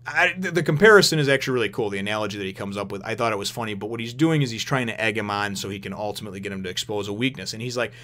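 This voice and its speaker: Fast-rambling animated male reviewer. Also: on the low side. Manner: rambling, animated, swears and laughs often. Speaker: manga reviewer. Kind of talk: casual video review.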